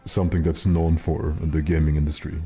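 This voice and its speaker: A man's voice: a bass voice, little pitch movement, brisk, warm tone, husky, soft background music. A man giving casual live commentary while streaming a game, chatty with wry, self-mocking asides.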